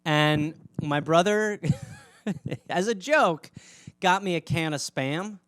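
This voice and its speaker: A man's voice: on the high side, takes it slowly, a bit bright, smooth, no echo, studio quality. A man from Wisconsin with an American Midwestern accent, hosting a casual solo chat in a rambling, profane, self-mocking way. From Wisconsin, USA. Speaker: comedian host answering fan questions.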